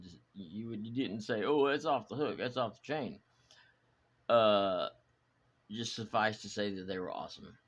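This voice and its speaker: A man chatting in a reflective, wandering way, full of fillers and restarts, as the host of a hobby vlog. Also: fairly low pitch. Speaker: channel host, hobby model builder. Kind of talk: rambling personal vlog chat.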